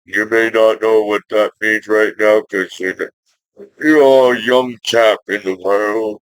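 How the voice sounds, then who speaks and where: A man in his forties from the United States, talking slowly in a rambling vlog monologue full of "you know" fillers, with sudden loud outbursts. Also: fairly low pitch, steady tone, clean tone, dry recording, low-quality recording. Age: 40s. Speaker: vlogger.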